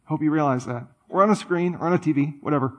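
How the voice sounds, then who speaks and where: A man preaching a sermon in a conversational way, with playful, animated asides. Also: fairly high pitch, quick pace, muffled recording. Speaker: pastor.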